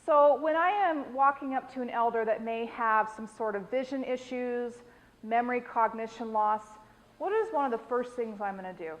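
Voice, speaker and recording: A woman's voice: on the high side, normal speed, in a large hall, poor audio. An American woman leading a dementia care training class, explaining techniques and quizzing the group with questions.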